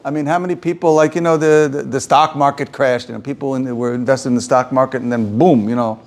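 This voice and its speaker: A man teaching an informal Torah class in a conversational way. His voice sits at a middle pitch. He restarts his phrases often and repeats key lines for weight. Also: fairly even intonation, fast talker, a little mellow. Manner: repeats himself, restarts, chuckles, acts out quotes.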